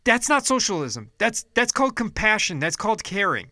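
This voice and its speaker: A man's voice: high-pitched, sing-song, moderate pace, pushed and bright, no room sound, studio quality. A man delivering a heated, profane political rant, upset and frustrated, often restarting his sentences. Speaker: vlogger.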